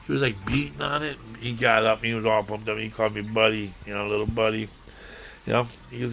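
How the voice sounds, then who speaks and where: A man telling a rambling, profane personal story, acting out quotes and breaking into shouting. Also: on the low side, fairly even intonation, brisk, gravelly, a little hiss or hum.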